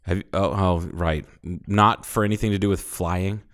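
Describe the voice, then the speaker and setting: A man's voice: low-pitched, normal speed. A man co-hosting a casual podcast, telling stories with lots of swearing and acting out what people said, a little tipsy. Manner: profane, animated storyteller who acts out quotes. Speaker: podcast co-host. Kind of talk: casual chat.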